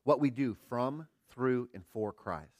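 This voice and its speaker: A man's voice: medium pitch, measured pace, no room sound, studio quality. Earnest middle-aged male pastor preaching. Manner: earnest, rhetorical questions, swings between quiet and emphatic. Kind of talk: sermon.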